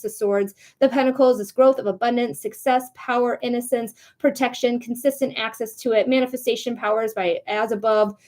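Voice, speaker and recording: A woman's voice: a little high, a little mellow. A woman giving live tarot readings on a stream, chatty and encouraging, talking straight to her viewers. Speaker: psychic reader.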